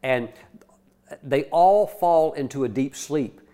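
A male preacher tells a story in a lively, conversational way and keeps restarting his sentences. His voice sits at an ordinary pitch for a man. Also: slow pace. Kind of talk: sermon.

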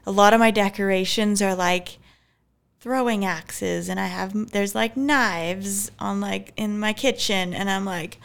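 A young woman tells a story in loose, casual podcast chat. Her voice is smooth and clear at a middle pitch. She fills her talk with "like" and "anyways" and laughs easily. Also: steady tone, a little slow. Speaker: podcast guest.

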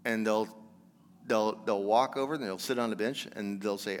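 A man's voice: on the low side, moderate pace. A man preaching a sermon as pastor, talking in a conversational, earnest way that builds to emphatic exhortation. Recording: long hall reverb.

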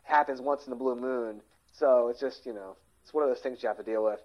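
A man's voice: mid-range voice, fast. A man from the Philadelphia area in his forties, chatting casually and rambling with many restarts. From Philadelphia area, USA. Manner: rambling, hesitant, full of restarts. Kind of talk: casual chat. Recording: dull lo-fi sound.

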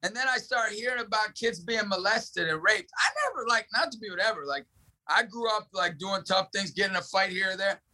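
Male evangelist guest, fiery and emphatic, bright forceful tone. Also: high voice, expressive, fairly quick, poor audio. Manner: impassioned, emphatic, repetitive punchy phrases. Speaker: ministry director, guest. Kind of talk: fervent preaching-style talk.

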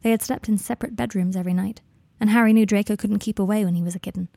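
A woman narrating a fan fiction audiobook in a measured, even storytelling manner. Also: medium pitch, gravelly, no echo.

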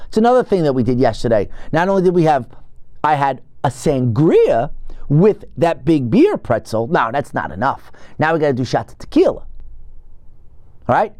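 A man's voice: mid-range voice, dry recording, clean studio sound. A middle-aged man hosting a podcast, telling a self-mocking story in a casual monologue and acting out the quoted lines. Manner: animated, self-mocking, acts out quoted dialogue. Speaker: podcast host.

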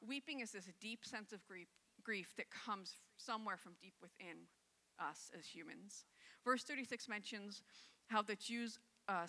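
Bright-voiced woman preaching in a hall. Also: medium pitch. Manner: reads scripture then reflects conversationally. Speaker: pastor. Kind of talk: sermon.

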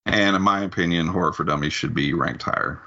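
A man's voice: sits low, fast talker, sharp tone, lo-fi sound. A man co-hosting a horror podcast, trading dry jokes in casual chat with friends. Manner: dry, joking banter. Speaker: podcast co-host.

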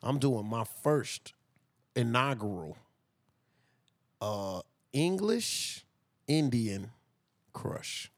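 A man co-hosting a podcast in casual, slangy chat, laid-back with loud bursts of laughter. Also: medium pitch, lively intonation, extremely slow, long pauses, no room sound, clean studio sound. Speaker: podcast co-host.

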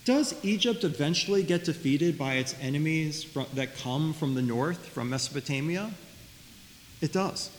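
Animated man teaching scripture in a reverberant hall. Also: fairly high pitch. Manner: animated, repeats words, asks questions of listeners. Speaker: Torah teacher. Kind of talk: lively Bible study lecture. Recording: faint hiss, long reverb.

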